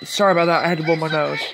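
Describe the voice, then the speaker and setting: A man's voice: a little high, noisy background. A man hosting a casual reaction video, chatty and easily amused, laughing often between remarks.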